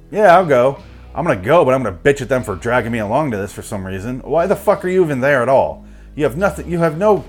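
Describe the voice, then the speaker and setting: A man giving a crude, exasperated comedic rant about a movie, mocking it as he goes. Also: medium pitch. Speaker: movie reviewer.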